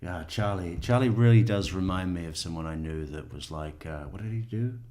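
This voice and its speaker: A man's voice: deep voice, normal speed, darkish tone. Rambling, profane male commentator. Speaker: true crime commentator. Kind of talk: casual commentary.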